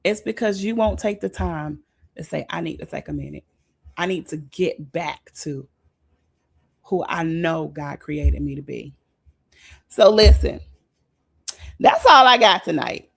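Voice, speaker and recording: A woman's voice: low voice, expressive, measured pace, gravelly, pauses often, a bit bright, slightly rough. A woman giving an informal sermon, talking conversationally and emphatically, often repeating her phrases. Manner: repetitive, emphatic, conversational preaching. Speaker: speaker leading a devotional talk.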